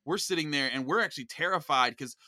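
Young male sports podcaster; animated storyteller, bright, dry close-mic sound. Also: a little high, fast talker, no echo. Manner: animated storyteller with many restarts. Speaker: podcast host of a football show, guest. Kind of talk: excited podcast chat.

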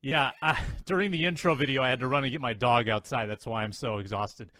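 A man's voice: medium pitch, steady tone, quick pace, sharp tone, dry recording, clean studio sound. A man hosting a sports podcast with upbeat, joking energy, out of breath. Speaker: podcast host.

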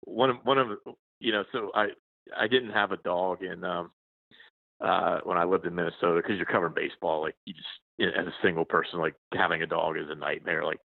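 A man in his forties with a very low, deep voice talks casually as a journalist guest. He rambles, restarting sentences and filling gaps with ums. The sound is dry and thin, like a phone call. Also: steady tone, a little fast, creaky, no echo. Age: 40s. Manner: rambling, many restarts and fillers. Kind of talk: casual interview chat. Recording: tinny phone line, dry.

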